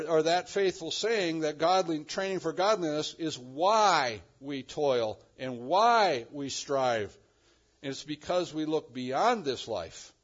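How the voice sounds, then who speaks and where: A middle-aged male pastor works through scripture in an expository sermon, pushing up on key words for emphasis. His voice sits a little high for a man. The church recording sounds dull and lo-fi. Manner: preaching verse by verse, with emphatic rises on key words.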